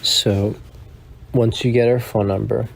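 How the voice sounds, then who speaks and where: Halting deadpan man telling an absurd bit. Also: medium pitch, gravelly, a little hiss or hum. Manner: halting, many repeated words and restarts. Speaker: comedian. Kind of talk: deadpan absurd comedic monologue.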